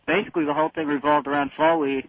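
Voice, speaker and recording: A man's voice: fairly high pitch, flat delivery, very fast, dry recording. A man calling in to a radio show, chatting and griping with a laugh. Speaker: caller. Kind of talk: call-in chat. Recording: tinny phone line.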